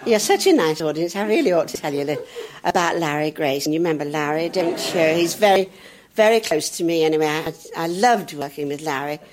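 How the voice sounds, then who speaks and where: Lively older English woman telling comic stories. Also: fast, noisy background. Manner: chatty, jokey, laughs at her own punchlines; jumps high in pitch when doing children's and others' voices. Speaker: comedian. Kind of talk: stand-up storytelling. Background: audience laughter.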